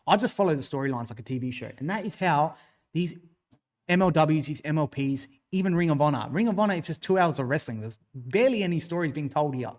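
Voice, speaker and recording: An Australian man with a slightly higher-than-usual voice hosts a casual wrestling livestream. He rambles through his opinions and answers chat comments, swearing freely as he goes. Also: animated, quick pace. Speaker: wrestling show host.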